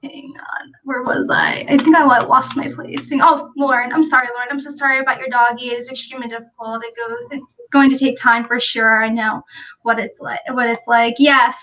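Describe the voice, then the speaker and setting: A woman's voice: a little high, steady tone, fairly quick, fairly bright tone, dull audio. A woman hosting a casual livestream chat, talking in a chatty way and reading viewer comments aloud. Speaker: livestream host.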